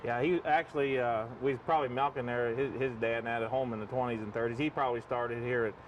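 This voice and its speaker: A man's voice: medium pitch, steady tone, quick pace, distant mic, dull audio, slight background noise. A middle-aged man, a dairy exhibitor, answering in a rambling, homespun way with many fillers. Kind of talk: interview answers. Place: outdoor fair cattle barn.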